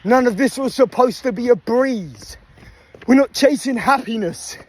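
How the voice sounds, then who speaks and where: A young male fitness vlogger jogs beside a motorway at night, phone in hand, breathing hard as he gives a preachy, swearing motivational rant. His voice is very high-pitched, a little mellow, and unhurried despite being out of breath.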